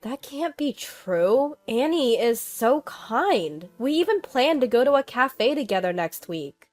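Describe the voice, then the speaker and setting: A woman voicing a hurt, shaken young wife and mother who speaks weakly and quietly, with faint background music. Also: on the high side, sing-song, a little slow, voice pushed up.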